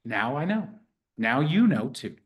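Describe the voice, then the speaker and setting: A man teaching a real estate class in a lively, conversational way, acting out sample phone calls. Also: mid-range voice, measured pace. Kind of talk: teaching a live workshop.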